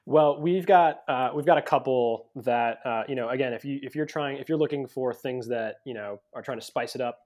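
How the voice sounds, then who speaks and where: A man's voice: mid-range voice, fairly quick, hardly any pauses, a little mellow. An American man hosting an interview, hesitant with many fillers and restarts, chatting casually. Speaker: podcast host.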